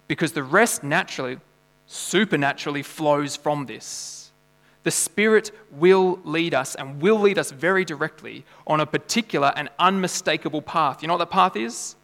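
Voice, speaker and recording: A man, preaching a sermon earnestly, moving between loud emphasis and quiet, intimate moments. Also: fairly high pitch, creaky. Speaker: pastor. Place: church hall. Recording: reverberant hall with mains hum.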